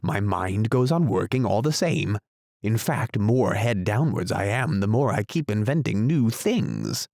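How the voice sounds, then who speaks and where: A solemn, muddled knight forever musing over strange inventions, voiced by a man reading a storybook. He speaks gravely and thoughtfully in a low, gravelly voice, recorded close and dry. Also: lively intonation, unhurried, darkish tone, no room sound. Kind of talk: audiobook character voice.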